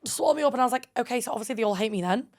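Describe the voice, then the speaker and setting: Fast-talking woman in her twenties, animated storyteller. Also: a little high. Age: 20s. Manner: animated, full of "like", acts out quoted dialogue. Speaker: podcast co-host. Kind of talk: casual chat storytelling.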